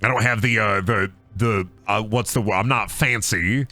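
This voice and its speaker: A man's voice: lowish voice, steady tone, normal speed, pushed and bright, dry recording. A young man from Iowa with an Iowan accent, streaming a game with rambling, joking, profane commentary. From Iowa, USA. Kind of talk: casual gaming commentary.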